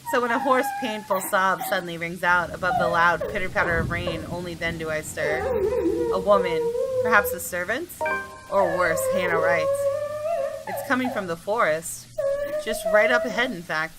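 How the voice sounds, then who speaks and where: A woman's voice: on the low side, very animated, normal speed, over loud music, poor audio. A woman reading aloud the first-person narration of a tense young man in a visual novel, in her own voice without putting on another.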